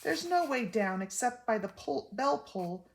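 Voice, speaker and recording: A woman's voice: fairly high pitch, sing-song, unhurried, vocal fry, voice pushed up, full character voice. An older woman voicing an anxious, fussy mother who tells gossip with emphatic exclaims, in a storybook reading. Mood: gossipy.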